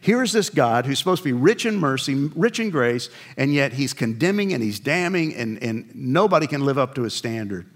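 A man's voice: mid-range voice, very animated, moderate pace, hardly any pauses. An older male pastor preaching a sermon in a conversational storytelling way, with wry acted asides.

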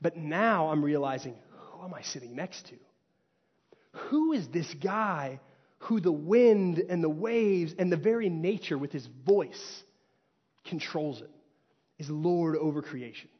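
A man from Texas preaching a sermon, telling the story with animated energy and tossing in frequent "right?" asides. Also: fairly high pitch, measured pace, slightly rough. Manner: animated storytelling, acts out quotes, rhetorical "right?". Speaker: pastor. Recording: hall reverb, dull lo-fi sound.

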